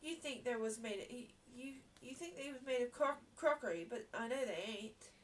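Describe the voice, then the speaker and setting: A woman reading a storybook, voicing a humble, awed young servant girl with a hushed, wide-eyed manner. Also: on the high side, expressive, moderate pace, recorded from a distance, a little hiss or hum, natural voice.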